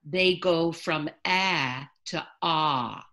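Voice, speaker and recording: Slow, low-voiced woman coaching a dialect. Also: over loud music. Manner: slow, deliberate, demonstrates sounds by example. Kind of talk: dialect workshop instruction.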